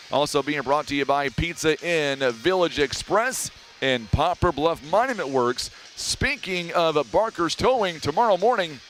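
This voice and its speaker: A man with a Southern American accent calling a high school basketball game on local radio, chatty and folksy, reading sponsors and weather between plays. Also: fairly bright tone. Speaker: play-by-play announcer. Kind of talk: radio sports commentary.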